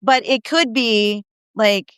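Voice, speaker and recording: A woman guest on a casual podcast, a disability advocate and speaker, tells stories animatedly, slipping into the voices of people she quotes and using lots of "you know, like" fillers. Her voice is smooth, clear, fairly bright, on the high side and slow. The recording is dry and close with no room sound.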